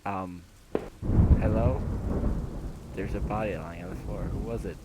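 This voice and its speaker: A man's voice: fairly low pitch, steady tone, a little slow, very noisy. A young man playing a horror game, reading its text aloud and reacting with nervous laughs and whispers. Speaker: gameplay commentator. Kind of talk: casual let's-play commentary, reading game text aloud. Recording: rain and thunder from the game behind. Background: loud rain and thunderstorm game sounds.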